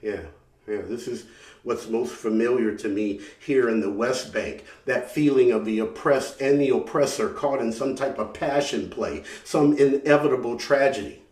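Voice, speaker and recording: A man's voice: medium pitch, darkish tone. A man performing a solo theatrical story, telling it dramatically and often repeating words as he goes. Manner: dramatic, halting repetitions. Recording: roomy sound from a distant mic.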